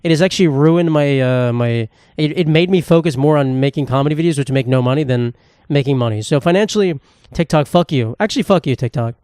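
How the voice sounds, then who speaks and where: A man's voice: fairly high pitch, fairly quick, darkish tone, dry recording, clean studio sound. A young man, a comedian hosting his own podcast, rambling casually in a self-deprecating way and swearing freely. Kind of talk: casual solo monologue.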